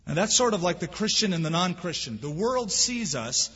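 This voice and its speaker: A man's voice: high voice, very animated, normal speed, hardly any pauses, sharp tone, breathy edge. A man preaching a sermon as pastor, earnest and emphatic, with rhetorical questions. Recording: dull lo-fi sound with long hall reverb.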